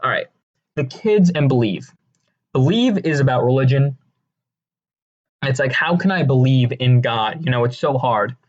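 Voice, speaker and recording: Rambling deadpan man on a lo-fi mic. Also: mid-range voice, moderate pace, long pauses. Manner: rambling, deadpan, crude jokes, many fillers and restarts. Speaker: video creator ranking songs. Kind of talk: casual comedic commentary.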